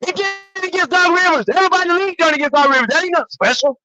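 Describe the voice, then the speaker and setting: A man's voice: very high voice, pushed and bright, no room sound, soft background music, rough recording. A man co-hosting a basketball podcast, ranting angrily with constant profanity. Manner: angry, profane, fast ranting. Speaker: podcast co-host. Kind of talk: heated podcast rant.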